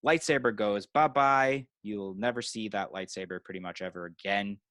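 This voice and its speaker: Low-voiced man recapping a film casually. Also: a little fast, a bit bright, dry recording. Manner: loose storytelling full of "you know" and "like" fillers. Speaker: podcast co-host. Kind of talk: casual movie recap chat.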